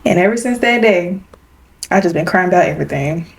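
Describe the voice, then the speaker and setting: A woman's voice: on the low side, fairly quick, vocal fry. Young woman telling a casual story. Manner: relaxed storytelling, many "like"s, laughs often. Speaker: podcast co-host. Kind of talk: casual chat.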